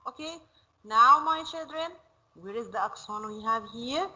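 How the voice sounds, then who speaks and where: A woman leads a classroom lesson, her high voice bright and sharp. She drills each word again and again, slow and patient. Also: lively intonation, low-quality recording. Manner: repeats words slowly, drilling pronunciation. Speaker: French teacher. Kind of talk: classroom teaching. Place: school classroom.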